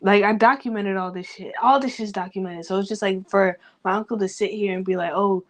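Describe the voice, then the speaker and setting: A young woman venting in a rambling personal vlog, talking quickly, swearing a lot and talking to herself. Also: mid-range voice, fairly even intonation. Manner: fast, rambling, heavy swearing, self-talk. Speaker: vlogger.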